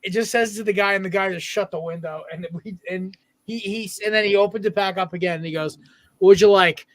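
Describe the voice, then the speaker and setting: Young male co-host, high voice, dry close sound, lively storyteller. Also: fast, no room sound. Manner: animated storyteller. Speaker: podcast co-host. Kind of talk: casual sports podcast banter.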